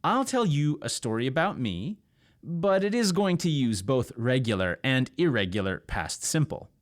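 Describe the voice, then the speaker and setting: A man from Canada teaching English pronunciation, drilling words slowly and clearly with repetition. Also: mid-range voice, sing-song. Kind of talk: scripted pronunciation lesson.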